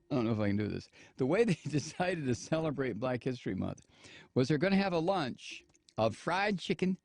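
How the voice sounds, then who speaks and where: Older guy doing a sarcastic commentary show, lively up-and-down voice, pretty high, dry close sound. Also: dry recording. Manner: animated, sarcastic, laughing asides, many restarts. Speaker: talk show host. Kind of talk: casual political commentary.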